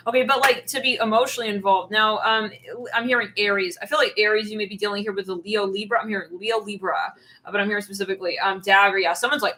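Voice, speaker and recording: Bright-voiced woman giving a spirited reading. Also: mid-range voice, low-quality recording. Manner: animated, acts out quoted voices and laughs. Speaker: tarot reader. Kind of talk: channeled reading monologue.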